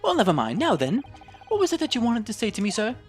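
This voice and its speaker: Eccentric male detective, lively and pompous, voiced by a woman, game dub. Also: on the high side, fast, faint music behind, pitched above the performer's own voice. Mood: amused. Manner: grand, airy and theatrical.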